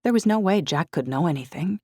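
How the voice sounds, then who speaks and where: A woman giving steady, measured first-person narration of a novel. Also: lowish voice, slightly rough, dry recording, studio quality. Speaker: audiobook narrator.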